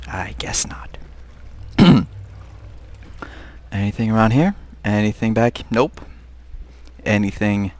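A young man giving live commentary on a horror game, muttering to himself and breaking into high, panicked shrieks. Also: expressive, takes it slowly, long pauses. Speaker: gaming video host.

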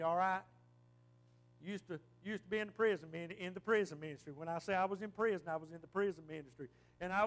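A man's voice: sits high, a bit bright. A man from western North Carolina with a Southern Appalachian accent, preaching a folksy storytelling sermon in church.

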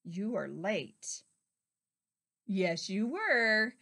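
A woman's voice: mid-range voice, big pitch swings, extremely slow, vocal fry, pushed and bright, heavily acted. A woman voicing a stern, scolding female dinosaur schoolteacher in a children's story. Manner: scolding, firm.

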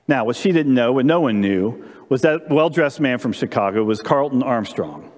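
Animated male preacher in an echoey church. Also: medium pitch, moderate pace, hardly any pauses. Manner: animated storyteller, asks congregation questions. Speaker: pastor. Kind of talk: sermon with storytelling. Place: church sanctuary during live-streamed service.

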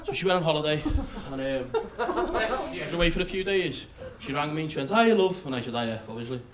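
Cheeky Liverpool stand-up comic. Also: male voice, a little high, fast talker. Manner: deadpan, cheeky storytelling with crowd work. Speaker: stand-up comedian. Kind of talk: live stand-up comedy. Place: comedy club stage with a live audience. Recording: live club recording with loud room noise.

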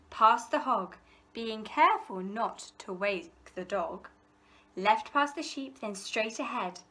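A woman's voice: fairly high pitch, pushed and bright. A woman reading a children's story aloud, voicing a little spotty ladybird who urgently warns the farm animals.

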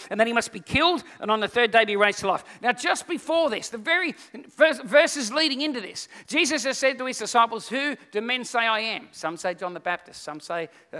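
A middle-aged man, preaching a lively sermon to a congregation and acting out Bible figures. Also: very high-pitched. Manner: animated, acts out Bible figures in quick voices. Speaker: pastor.

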